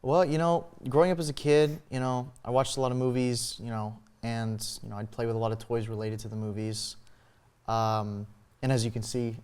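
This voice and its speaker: A man's voice: medium pitch, level tone, moderate pace, darkish tone, clear, resonant tone. A young man chatting as a talk show guest, rambling with lots of fillers. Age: young adult. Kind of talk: casual chat.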